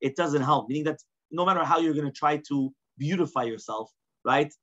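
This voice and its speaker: Husky rabbi teaching a Talmud class. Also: male voice, on the high side, brisk, fairly bright tone. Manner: reads Aramaic lines, then explains them in plain English, often asking "right?". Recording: dull lo-fi class recording.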